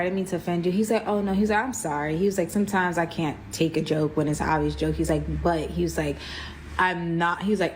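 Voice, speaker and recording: Woman storyteller, casual and animated, mid-range voice, slight background noise. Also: mid-range voice, rough recording. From New York. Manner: chatty, animated, acts out quoted dialogue.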